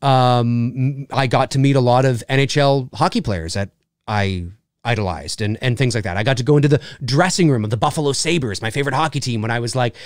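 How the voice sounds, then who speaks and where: A man's voice: mid-range voice, brisk, no echo, clean studio sound. A man in his forties from Canada hosting a casual live chat show, rambling, repeating himself and swearing casually.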